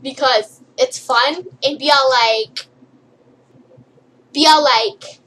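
Brief: high-pitched young female vlogger, playful and rambling, tossing off jokey tips. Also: slow pace, heavy background noise. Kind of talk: silly comedic list vlog.

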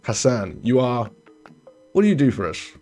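With faint music behind him, a young male streamer with a darkish tone speaks at a moderate pace, very animated, while playing a colony-building game. His casual let's-play talk rambles and corrects itself, and he tends to trail off low.

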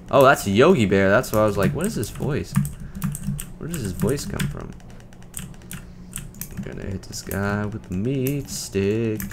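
A young man giving casual, joking commentary over a video game, trash-talking and breaking into loud shouts. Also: mid-range voice, noisy background. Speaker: gaming commentator.

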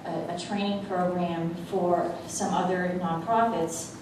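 A woman giving a halting tribute speech at a school board meeting, with many fillers. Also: fairly low pitch, fairly even intonation. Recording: echoey hall, mic from far off, noisy.

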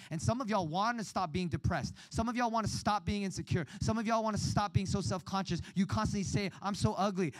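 High-voiced animated man preaching. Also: dry recording, low-quality recording. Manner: animated storytelling, acts out quoted voices. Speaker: youth retreat speaker. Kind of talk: sermon.

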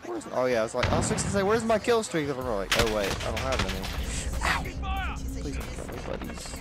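A man's voice: medium pitch, sing-song, fast talker. A man giving casual gameplay commentary, exasperated and trash-talking. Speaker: gamer commenting on his own play. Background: loud game music and gunfire.

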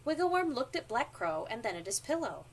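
Woman narrating a picture book; animated and expressive; distant mic, faint noise. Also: fairly high pitch, fairly quick. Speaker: storyteller. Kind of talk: children's storybook reading.

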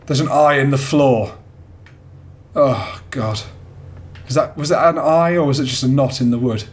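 A man's voice: mid-range voice, normal speed, pauses often, slight background noise. A man commentating his horror game play, jumpy, swearing, yelping and pleading with the game. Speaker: gamer playing a horror game. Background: game music.

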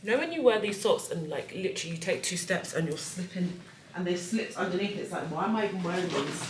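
A young woman with a fairly low, lively voice chats quickly to camera as a travel vlogger, poking fun at herself while getting ready in her hotel room. The low-quality recording sounds roomy and distant, with some hiss or hum.

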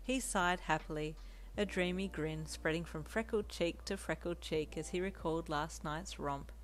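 A woman narrating a second-person fan audio story in a steady, intimate reading style. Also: sits low, moderate pace. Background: soft lo-fi piano backing music.

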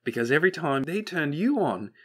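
Brief: man putting on a bumbling chatterbox robot guy, flippant and rambling, voice leaping up high, audiobook character voice. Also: big pitch swings, fairly quick, a bit bright, slightly rough, heavily acted. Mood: bitter glee. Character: manic chattering male robot, bumbling and bitter.

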